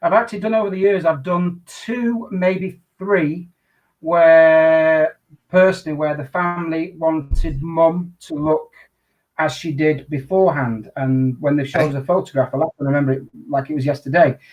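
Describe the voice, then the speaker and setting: A man, an undertaker interviewed as a guest, telling his stories in an animated way. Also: a little high, normal speed, highs cut off. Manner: animated anecdotal storyteller. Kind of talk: storytelling in an interview.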